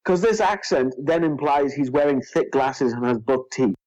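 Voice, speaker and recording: A man's voice: mid-range voice, animated, normal speed, a little mellow, no room sound. A man with a mid-range voice, co-hosting a casual podcast chat. He reacts with wry exasperation. His mic sounds dull, dry and a bit lo-fi. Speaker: podcast co-host.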